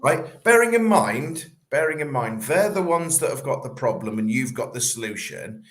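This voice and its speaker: Animated man coaching on sales. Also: medium pitch, moderate pace, reverberant. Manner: animated, acts out little scenes in quoted voices. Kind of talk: casual podcast talk.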